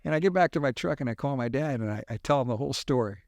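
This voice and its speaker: A middle-aged man, a podcast guest, telling animated hunting stories with sound effects in casual talk. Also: medium pitch, fast, no room sound, clean studio sound. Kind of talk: casual storytelling.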